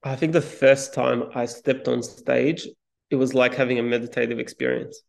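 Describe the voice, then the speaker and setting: A man being interviewed as a guest, telling a story in a calm, measured way with small restarts. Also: mid-range voice, creaky. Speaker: podcast guest, speaking coach. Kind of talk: reflective interview talk.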